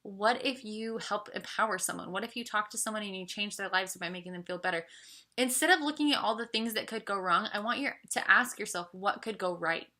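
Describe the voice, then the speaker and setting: A woman's voice: mid-range voice, fairly quick, sharp tone. A young woman coaching her audience in an earnest motivational talk, asking question after question with frequent fillers. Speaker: business coach.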